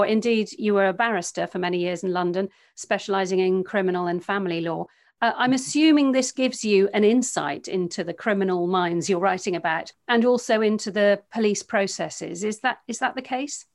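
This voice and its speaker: A woman interviewer who asks an author measured, inquisitive questions. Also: mid-range voice.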